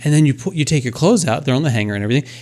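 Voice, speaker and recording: A man's voice: medium pitch, animated, racing, darkish tone. A man co-hosting a podcast, telling a story with lots of fillers and mimicked machine sounds. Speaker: podcast co-host. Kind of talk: casual chat.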